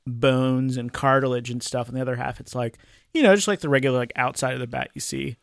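Give me a candid, swearing man as a podcast guest, with a clear, smooth voice. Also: mid-range voice, quick pace, no echo, clean studio sound. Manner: candid, swears, explains at length. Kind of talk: casual beer-tasting chat. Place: recording studio.

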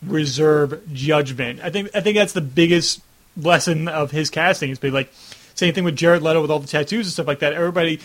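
Young male host, light higher voice, rambling, filler-heavy, acts out reactions, video call. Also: fairly quick, fairly bright tone. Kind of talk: casual video-call chat.

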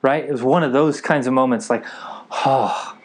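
An eager man preaching a sermon to a gathered group. He keeps pausing to ask whether his listeners are with him. His voice sits at an ordinary male pitch. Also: fairly even intonation, slight background noise. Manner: eager, keeps checking in with the audience.

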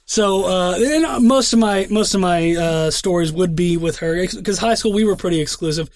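A young man co-hosts a podcast, telling rambling, profane stories in casual chat full of heavy swearing. His voice is high-pitched and moves at a moderate pace, with no room sound.

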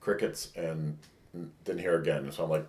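A man's voice: rumbling low, steady tone, normal speed, darkish tone. A man co-hosting a podcast who tells a candid, rambling story and acts out the texts he quotes. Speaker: podcast co-host. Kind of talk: casual storytelling. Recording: echoey room.

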